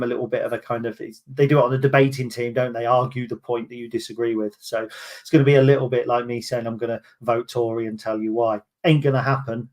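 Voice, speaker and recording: A man's voice: medium pitch, darkish tone. A man hosting a casual football podcast, chatty and self-mocking, with many ums. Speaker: podcast host.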